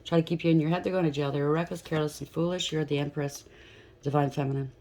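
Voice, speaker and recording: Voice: mid-range voice, steady tone, fast, a little mellow. Blunt, emphatic tarot reader. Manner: emphatic, blunt, keeps checking in with "okay?"; loose and spontaneous, with frequent restarts. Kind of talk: tarot reading to camera.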